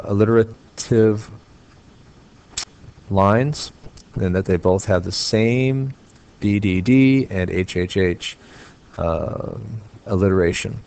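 Deep-voiced American man teaching poetry. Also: gravelly, darkish tone. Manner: explains step by step, tapping out stressed beats aloud. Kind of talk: homework explainer lesson.

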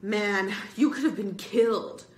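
A woman's voice: medium pitch, very animated, moderate pace, fairly bright tone, a little hiss or hum. A woman voicing a wisecracking young boy who teases his friends in a mocking way, read aloud in an echoing room. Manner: teasing, mocking. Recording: roomy echo.

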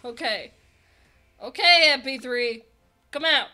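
Bubbly high-voiced young woman gaming. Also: slow pace. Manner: excitable, chatty, talks to game characters. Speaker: let's play host. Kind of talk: casual game commentary.

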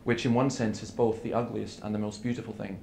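A man gives an earnest seminar talk in a gravelly, mid-pitched voice. He tells stories and acts out the dialogue. The sound carries echo from a hall, with faint room noise behind. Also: steady tone, quick pace, a little mellow. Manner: earnest, storytelling with quoted dialogue. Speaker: preacher.

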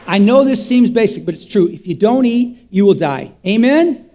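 A man's voice: high voice, lively intonation, normal speed, warm tone. A man preaching an interactive sermon to his church, folksy and repetitive, quizzing the congregation call-and-response style. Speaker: pastor.

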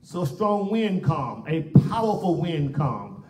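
A pastor preaching with fervor, his high voice climbing into shouts and then dropping to near-hushed phrases as he repeats his points. He sounds distant from the mic, and the church room rings around him. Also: sing-song, a little slow. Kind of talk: sermon. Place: church sanctuary. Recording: echoey church room, voice picked up from far off.

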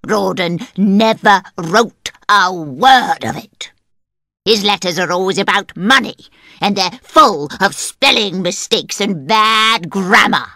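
A man voicing a proud, bitter old rich woman in an audiobook, speaking slowly and scornfully. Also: animated, creaky, pushed and bright, no room sound, studio quality, exaggerated voice. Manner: slow, shrill and scornful. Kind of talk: audiobook character voice.

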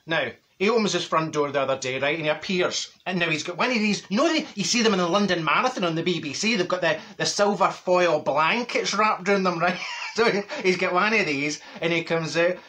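A man does a character comedy monologue as a brash, straight-talking older Glaswegian woman, complete with the accent, rambling asides and cackling laughter. His voice sits high and is fairly quick, bright and forceful, with a gossipy mood.

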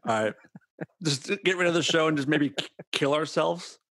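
A man's voice: fairly high pitch, a bit bright, no room sound. A man co-hosting a podcast over a remote call, chatting casually, joking and swearing. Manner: joking, profane, quick backchannel. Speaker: podcast co-host. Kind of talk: casual chat.

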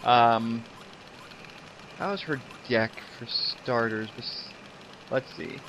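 A young man giving casual, excited let's-play commentary, chatty and laughing often. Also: mid-range voice, extremely slow, noisy background. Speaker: game streamer. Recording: slightly dull home mic with game music.

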